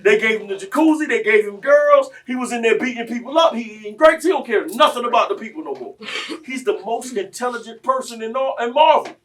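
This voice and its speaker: A man, telling stories on a panel in a preachy, impassioned way that swings between quiet and loud. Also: very high-pitched, expressive, brisk, recorded from a distance. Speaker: panel speaker.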